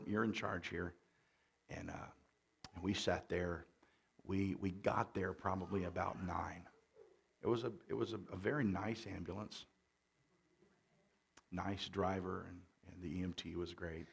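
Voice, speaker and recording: A middle-aged pastor with a drawl tells stories from the pulpit in a casual, joking way, full of little fillers and restarts. His voice sits low, with a gravelly edge. He sounds like he's chatting with his church. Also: steady tone, measured pace, long pauses. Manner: folksy storytelling with jokes and fillers; louder and more forceful after the mic change. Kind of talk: conversational sermon.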